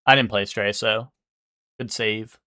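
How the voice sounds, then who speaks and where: A man's voice: on the low side, fairly even intonation, takes it slowly, bright, forceful tone, no room sound, studio quality. A young man streaming live, thinking aloud and guessing in casual, swearing chatter.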